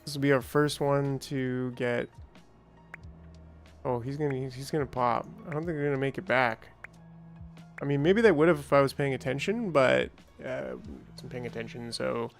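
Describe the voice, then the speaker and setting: A man's voice: mid-range voice, normal speed, faint music behind. A man hosting a let's play, thinking aloud in a chatty way with small exclamations and restarts. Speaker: gaming channel host.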